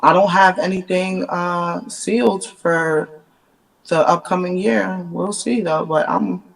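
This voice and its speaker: A woman with a Jamaican accent, a guest rapper in a casual podcast interview, lively and quick to laugh. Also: fairly low pitch, creaky. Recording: voice distant from the mic.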